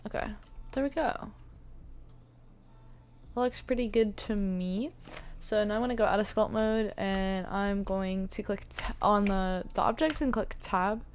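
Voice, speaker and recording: A woman's voice: mid-range voice, fairly even intonation, moderate pace, a little hiss or hum. A woman giving a casual screen-recorded tutorial, chatty and thinking aloud with many fillers, with the hiccups. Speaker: 3D modeling tutor.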